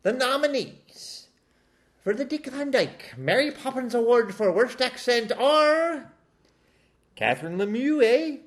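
A man's voice: very high voice, expressive, measured pace, fairly bright tone. A man presenting a mock awards show with playful, bantering delivery. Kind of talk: comedy awards parody.

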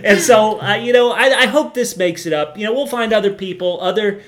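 Podcast co-host, eager mock-earnest chatter, fairly high voice. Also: male voice, brisk, fairly bright tone. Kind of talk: casual chat.

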